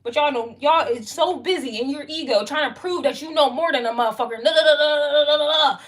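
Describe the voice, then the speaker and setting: A woman's voice: sits high, quick pace. A young woman doing a casual tarot reading, blunt, emphatic and profane. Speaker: tarot reader.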